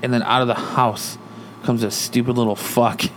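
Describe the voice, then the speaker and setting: Speaking at a moderate pace in a mid-range voice, with a bit of background noise, this Arizona man swaps road-rage stories in a casual conversation. He's an animated teller who acts out what people said and swears a lot.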